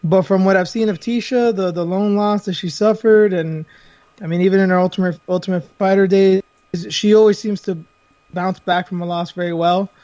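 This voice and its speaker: A man's voice: sits high, fairly even intonation, moderate pace, darkish tone, no echo. A man joining a panel over a remote call, rambling through his fight analysis with lots of fillers. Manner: rambling, with many fillers and restarts. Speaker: panel guest. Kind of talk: casual analysis. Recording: dull dry lo-fi call audio.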